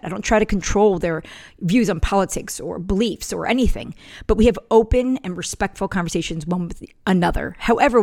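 A middle-aged woman hosting a parenting podcast, talking in an earnest, firm way and telling a family story. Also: mid-range voice. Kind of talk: scripted podcast talk with personal story.

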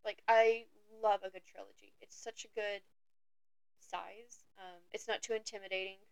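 A young woman co-hosting a book podcast, soft-spoken and hesitant with many ums. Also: medium pitch, flat delivery, normal speed, vocal fry, clean tone, dry recording, poor audio. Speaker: podcast co-host. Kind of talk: casual chat about books.

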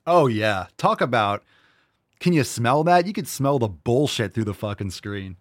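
A man hosting a podcast, ranting with swearing and heavy emphasis. His pitch swings widely as he talks, and the sound is close and dry with no room echo. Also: sing-song, moderate pace. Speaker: podcast host. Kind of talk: casual opinion rant.

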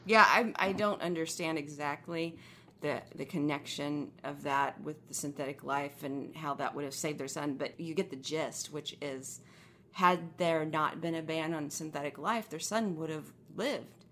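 A woman co-hosting a casual fan discussion, animated and quick to laugh as she tells stories. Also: low-pitched, a little hiss or hum. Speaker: podcast co-host.

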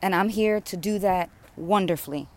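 A woman's voice: mid-range voice, moderate pace, a little mellow. A woman delivering an impassioned, rhythmic spiritual sermon, repeating phrases with growing fervor. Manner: repetitive, rhythmic, fervent preaching. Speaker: spiritual speaker.

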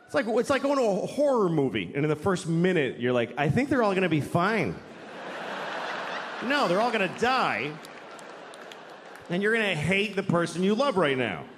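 A man's voice: sits high, sing-song, normal speed. A man doing stand-up comedy on a large stage, ranting in a profane, exasperated way. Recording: long hall reverb, faint noise.

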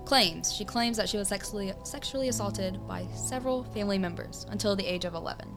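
Woman, podcast co-host, casual true-crime chat, middle-pitched, music in the background. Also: quick pace. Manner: chatty, reads case facts with asides.

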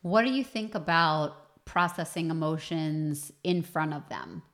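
A woman with a fairly low voice hosts a casual conversation. She poses her questions thoughtfully, in an easy conversational way. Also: animated, a little slow, fairly bright tone. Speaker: interviewer.

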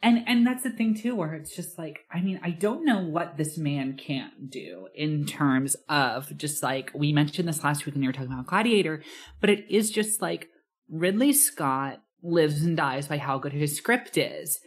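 Very low, husky woman gushing about films. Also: expressive, normal speed. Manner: enthusiastic, lots of "like". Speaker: podcast co-host. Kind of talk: casual chat about movies.

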